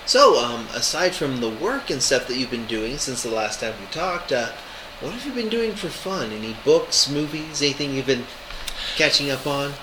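A man's voice: medium pitch, sing-song, moderate pace. A man interviewing a guest, asking short, easygoing questions. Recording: noisy recording.

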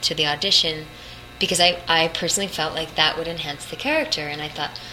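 A woman's voice: deep voice, fairly even intonation, fast talker, pushed and bright. Young female voice actress, rambling interview chat, noisy background hum. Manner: chatty, rambling, laughs often. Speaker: voice actress guest. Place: hotel room at a convention. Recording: noisy room ambience.

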